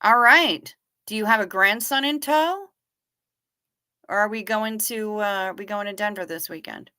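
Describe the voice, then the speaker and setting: A woman hosting a relaxed livestream, answering her chat with a wry, chatty delivery. Her voice sits in a middle pitch with a bright, forceful edge. She swears now and then in an easygoing way. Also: normal speed, clean tone. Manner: chatty and wry, casually profane. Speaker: livestream host reading viewer chat. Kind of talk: casual chat.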